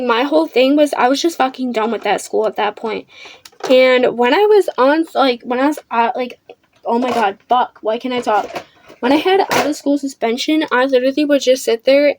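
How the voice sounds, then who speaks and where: Teen girl, high voice, brash profane storyteller, makeup vlog. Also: moderate pace, darkish tone, a little hiss or hum. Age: teens. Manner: blunt, profane, defiant. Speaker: vlogger. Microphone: camera under a ring light.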